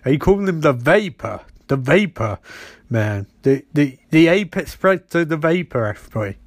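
A man's voice: on the high side, sing-song, moderate pace, no echo, studio quality. A man giving a sarcastic comedic recap of a TV episode, slipping into silly voices.

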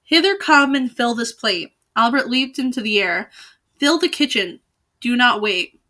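A woman reading aloud and voicing a chorus of excited talking magic books that chant and sing their lines. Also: fairly high pitch, a little slow. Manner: eager, sing-song chanting.

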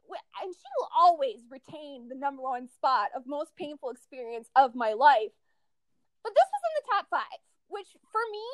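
A woman hosting a casual chat, telling a story with animated, profane delivery and lots of acted-out quotes. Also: high-pitched, dry recording.

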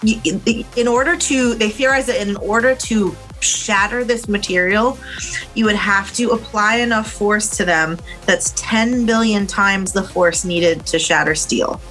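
Brief: woman podcast co-host, bright tone, chatty and loose, filler-heavy. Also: medium pitch, measured pace, faint music behind, rough recording. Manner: rambling, filler-heavy explaining. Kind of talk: casual chat.

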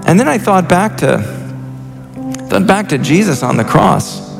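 A man's voice: sits high, lively intonation, a little slow, creaky. A man in his thirties preaching a sermon as a senior pastor, earnest and impassioned, often restarting his sentences. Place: church sanctuary. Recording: reverberant church hall with faint music.

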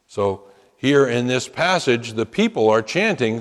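A man delivers a sermon from the pulpit at an unhurried, measured pace. His voice swells into emphatic, chanted quotations before settling back. The sound carries the long reverb of a large hall. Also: mid-range voice, expressive. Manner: emphatic preaching with rising chanted quotes. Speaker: pastor.

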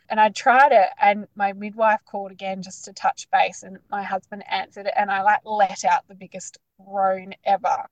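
A woman's voice: mid-range voice, normal speed, few pauses, dry recording, highs cut off. Chatty woman, dry close sound. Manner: chatty, animated, lots of "like" fillers. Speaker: guest sharing her birth story. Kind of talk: casual storytelling.

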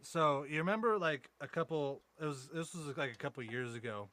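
A man's voice: a little high, a little fast, pushed and bright, dry recording. A man co-hosting a podcast, telling profane, rambling anecdotes and mocking his friends in casual banter. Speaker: podcast co-host.

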